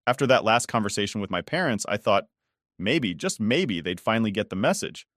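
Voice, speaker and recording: A man narrating a first-person online story in a measured, steady reading. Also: lowish voice, no room sound, clean studio sound.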